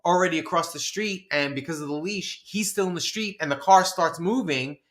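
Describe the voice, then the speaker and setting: A podcast co-host with a voice on the high side, speaking at normal speed, tells a story in casual conversation. He's animated, acting out his own shouting outbursts and laughing through the tale.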